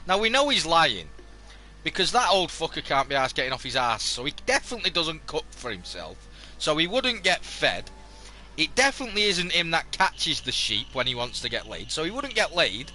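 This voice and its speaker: A man's voice: fairly high pitch, big pitch swings, normal speed, pushed and bright, slight background noise. A man giving live casual race commentary, teasing and swearing in banter.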